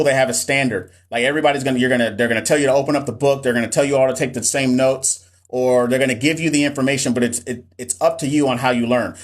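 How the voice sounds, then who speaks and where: Give me a talkative man hosting a phone live stream, mid pitch. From Southern US. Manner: chatty, reads viewer comments, many restarts and fillers. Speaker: live stream host, nursing tutor. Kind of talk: casual live stream chat.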